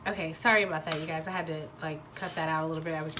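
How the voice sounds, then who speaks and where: A young woman with a nasal voice from a sinus infection, giving a casual tarot reading and often pausing and restarting as she searches for words. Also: low voice, steady tone, noisy background. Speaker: tarot reader.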